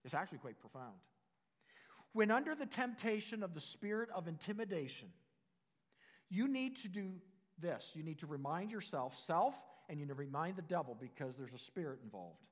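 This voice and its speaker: A man preaching a sermon as pastor, in an emphatic style that repeats declarations and builds to loud passages. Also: on the high side, sing-song, normal speed. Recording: long reverb of a church hall.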